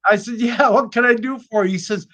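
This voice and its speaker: Folksy high-voiced man telling stories. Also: a little fast, bright, forceful tone, a little hiss or hum. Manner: folksy, swears casually, acts out quoted voices. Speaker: snake keeper on live stream. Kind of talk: casual storytelling chat.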